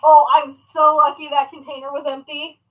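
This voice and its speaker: A woman's voice: high-pitched, little pitch movement, moderate pace, fairly bright tone, slight background noise, rough recording. A young woman chatting casually in a crafting vlog at home, rambling and talking to herself and her pet as she works. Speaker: crafting vlogger.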